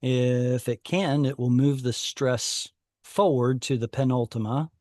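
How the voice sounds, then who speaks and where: Slow, dry-voiced male Hebrew teacher. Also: medium pitch, fairly even intonation, darkish tone, dry recording. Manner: explains patiently, thinking aloud with pauses. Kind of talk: online class lesson. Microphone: video call.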